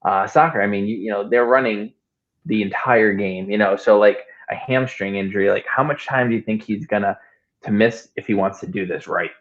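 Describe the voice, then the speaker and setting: Low-voiced man on a dull lo-fi line. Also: fairly quick. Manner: easygoing, hesitant, many fillers, trailing off. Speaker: show host. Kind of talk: casual sports chat. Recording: dull lo-fi audio.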